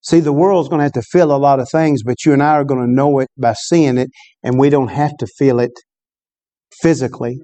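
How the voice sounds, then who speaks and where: A male preacher tells a story from the pulpit. His tone is mellow and warm, and his pitch sits in an ordinary middle range. He speaks conversationally and breaks off now and then to ask the congregation a question. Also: steady tone, a little fast. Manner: storytelling preacher, conversational with call-and-response asides. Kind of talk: sermon.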